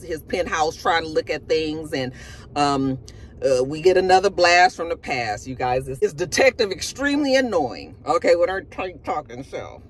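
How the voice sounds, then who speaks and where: A woman recapping a TV episode in a casual, profane and animated storytelling manner. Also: lowish voice, slight background noise. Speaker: TV show reviewer.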